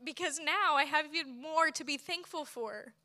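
A woman in her thirties giving a sermon at church, telling a personal story in an expressive way that often breaks into laughter. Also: sits high, moderate pace. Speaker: speaker at church.

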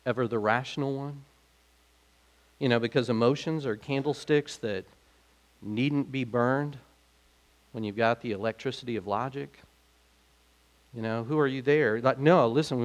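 A man preaching a sermon in a conversational way, growing animated when he asks questions. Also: mid-range voice. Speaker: pastor.

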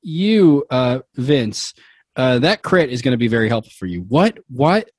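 A man narrating as game master in a comedic tabletop session, giggly and rambling with lots of fillers. He talks slowly, and the recording is dry and close. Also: mid-range voice, big pitch swings, husky, no echo.

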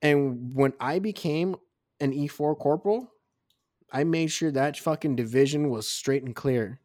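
A man in his twenties on a casual podcast, telling a rambling, profanity-heavy story about his military days, with tipsy, animated storytelling. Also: a little high, unhurried, no room sound, studio quality. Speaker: podcast co-host. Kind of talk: casual drunk storytelling chat.

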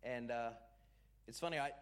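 Man preaching a lively sermon. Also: mid-range voice, normal speed, clean tone. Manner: expressive preaching, leads congregation responses, jokes with the room. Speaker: pastor.

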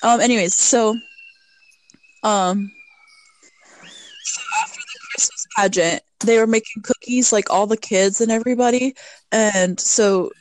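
A woman's voice: a little high, huge pitch swings, unhurried, pauses often, slight background noise, low-quality recording. Chatty woman recapping a movie. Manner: chatty, lots of fillers and acted-out quotes. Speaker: podcast co-host.

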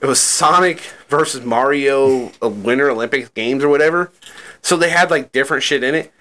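A man's voice: mid-range voice, brisk, pushed and bright. Chatty, profane male podcast co-host. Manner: loose, profane and chatty, with fillers like "like" and "uh". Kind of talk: casual chat.

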